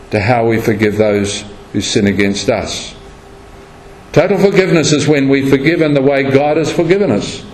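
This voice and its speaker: A man's voice: fairly high pitch, slight background noise. A man preaching a sermon and closing with a prayer, acting out the quoted speech as he tells the story. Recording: echoey room, faint ambience.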